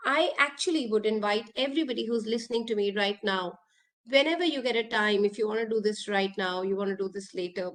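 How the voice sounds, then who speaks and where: Earnest woman coaching online. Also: a little high. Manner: earnest, with rhetorical questions to listeners. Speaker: executive coach and speaker. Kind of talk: online workshop talk.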